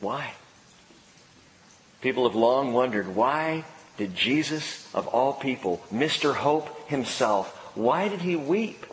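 A man preaching a sermon in an emphatic way, with dramatic pauses and sudden drops to a hushed voice. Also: mid-range voice, expressive. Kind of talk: expository sermon. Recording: echoey hall with long reverb, faint background noise.

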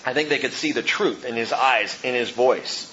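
A man preaching a sermon as pastor, swinging between loud emphatic peaks and quiet low asides. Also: moderate pace, lo-fi sound, slight background noise. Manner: animated preaching, rising and dropping sharply for emphasis.

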